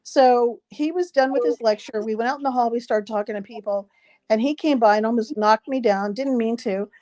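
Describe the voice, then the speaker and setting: A woman with a slightly high voice recounts an anecdote as an interview guest, chatty and animated. She acts out the other people's lines as she goes. Her story is broken up by frequent throat clearing. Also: fairly quick. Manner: lively retelling, acting out quoted dialogue. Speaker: psychic guest.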